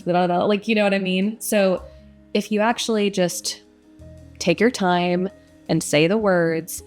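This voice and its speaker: A woman's voice: medium pitch, steady tone, a little slow, soft background music. A young woman who narrates audiobooks, answering interview questions in a casual, reflective way with frequent fillers.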